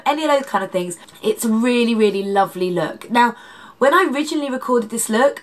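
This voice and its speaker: A woman, a makeup artist, chatting through a makeup tutorial with a congested, nasal, slightly husky voice and rambling asides. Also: medium pitch. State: congested, nasal from hay fever.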